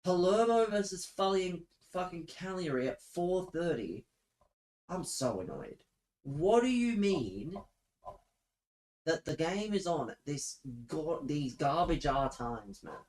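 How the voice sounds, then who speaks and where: A man's voice: a little high, big pitch swings, slow, long pauses, a little mellow, low-quality recording. Exasperated young man ranting to chat. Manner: exasperated, profane, sarcastic. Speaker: streamer. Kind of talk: live-stream rant to chat.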